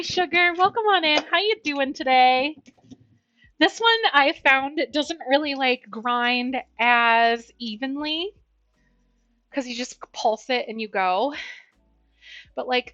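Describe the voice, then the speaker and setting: A woman bakes at home while streaming on Twitch, chatting cheerfully and greeting her viewers by name. Her voice sits high, with a bright, forceful tone. The sound is lo-fi and a bit dull, and faint music is audible.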